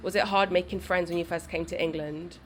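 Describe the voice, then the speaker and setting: A woman's voice: on the low side, fairly even intonation, a little fast. A woman interviewer asking short, direct questions.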